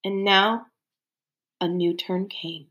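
A woman narrating a storybook aloud in an expressive, dramatic way. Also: medium pitch, takes it slowly, poor audio.

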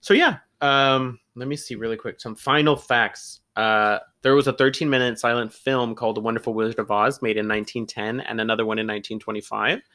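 A young man co-hosts a casual film podcast, recapping plots in a loose, rambling way. He drops the odd curse word and talks in an easygoing tone. His voice sits in an ordinary middle pitch. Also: a little fast, few pauses, sharp tone. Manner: chatty, swears casually, retells plots loosely. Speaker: podcast co-host. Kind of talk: casual chat.

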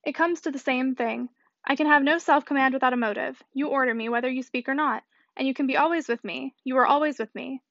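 A woman reading a teasing, gallant young gentleman. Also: sits high, fast talker, creaky, no echo. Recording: dull dry audiobook recording.

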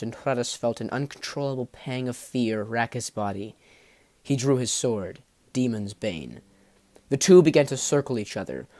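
A man's voice: mid-range voice, a little mellow. A man narrating a fantasy novel as an audiobook, with a dramatic reading.

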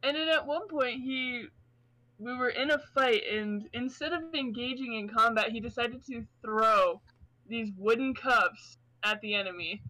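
Casual chat, relaxed anecdote teller, bright tone, dry close sound. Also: medium pitch, a little slow, no echo, rough recording. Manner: relaxed, short reactions, recounts an anecdote.

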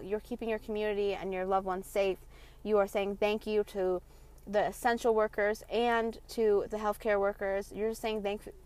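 A young woman hosting her own podcast, delivering a passionate, sarcastic, profanity-laced rant. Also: medium pitch. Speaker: podcast host. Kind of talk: ranting monologue.

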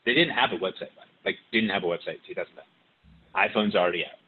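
A man's voice: sits low, fast, narrow, tinny audio, a little hiss or hum. A man from the car industry, chatting on a podcast and rambling with many restarts. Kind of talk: casual podcast chat.

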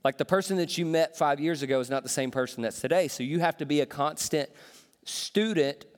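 A fairly high-voiced man in his thirties preaches to his church in a loose, joking, conversational way. His voice carries a long reverb from the hall. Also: brisk. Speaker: pastor. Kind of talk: sermon. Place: church auditorium.

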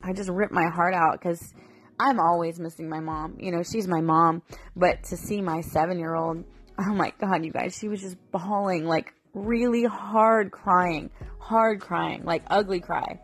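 A woman in her thirties shares a heartfelt family memory with her viewers. Her voice sits a bit low, and her telling is emotional and rambling, full of fillers and restarts. Soft music plays faintly behind her. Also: fairly even intonation, normal speed, husky. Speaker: mother vlogger. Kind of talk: personal storytelling to viewers.

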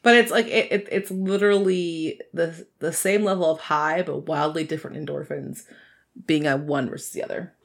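A woman in casual chat, talking with lively swings and frequent laughter. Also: low-pitched, normal speed. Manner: animated, laughs often, playful voices.

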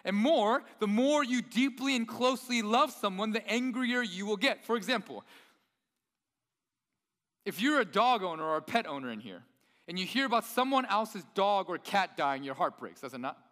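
High bright-voiced male preacher. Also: animated, moderate pace, big-room sound. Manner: conversational, asks the audience rhetorical questions. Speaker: pastor. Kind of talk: sermon.

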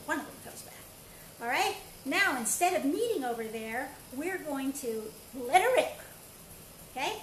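Brief: high-pitched, upbeat woman leading an online movement class, echoey room, faint background noise. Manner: upbeat, playful, coaching with counts and shouts. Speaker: karate and movement instructor. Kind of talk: live online exercise class.

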